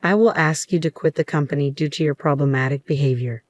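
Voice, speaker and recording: A man's voice: on the high side, fast talker, dry recording, dull audio, close to an everyday voice. A woman reading the lines of a stern older man, a company boss who bluntly scolds his son-in-law. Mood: cold.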